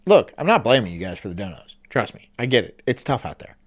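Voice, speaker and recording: A man's voice: mid-range voice, sing-song, quick pace. A man hosting a stream, reacting casually with rambling, swearing asides. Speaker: streamer host.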